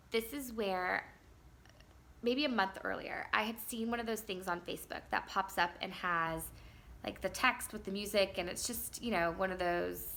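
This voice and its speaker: Mom vlogger, woman, 30s, bright edgy tone, casual rambling storyteller. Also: medium pitch, gravelly. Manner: chatty, rambling, many fillers.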